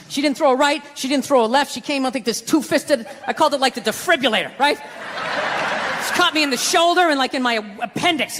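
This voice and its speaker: A man's voice: very high-pitched, noisy background. A middle-aged man with a Boston accent doing stand-up comedy, ranting and profane as he tells a story. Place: theater stage before a live audience. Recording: live theater recording with hall reverb and crowd. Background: audience laughter.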